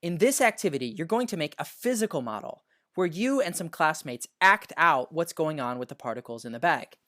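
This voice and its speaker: Teacher narrating a science lesson, voice swings up and down a lot, slows right down on the big words. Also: medium pitch, animated, a bit bright. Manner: patient, explanatory, slows down to stress key words.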